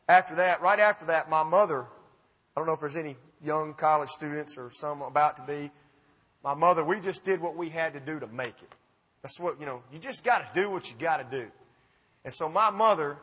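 A man in his fifties with an Alabama accent, telling folksy, animated stories to an audience. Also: on the high side, breathy edge. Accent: Southern US, Alabama. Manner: folksy, animated, self-mocking. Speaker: speaker. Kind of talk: storytelling talk to an audience. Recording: dull recording with long hall reverb.

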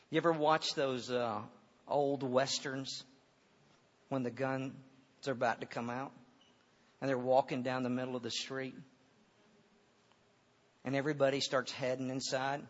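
A middle-aged male pastor preaching a sermon in a church auditorium, moving from loud, impassioned preaching to hushed storytelling. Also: medium pitch, little pitch movement, measured pace, pauses often. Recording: dull reverberant hall sound.

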